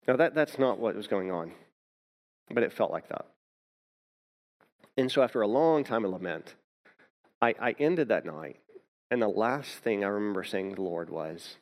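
A man's voice: medium pitch, expressive, normal speed. A man pastor preaching a sermon, telling a personal story and often repeating words as he starts a thought.

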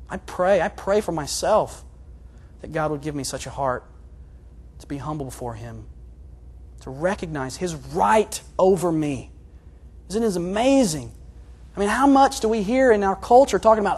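A man preaching a sermon in an earnest, confessional way, moving between hushed and loud passages. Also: a little high, animated, unhurried, long pauses, slightly rough. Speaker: pastor.

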